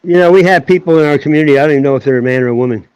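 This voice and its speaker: A man's voice: a little high, rapid-fire, highs cut off, crowd noise. A man joking bluntly in a casual group chat on a livestream.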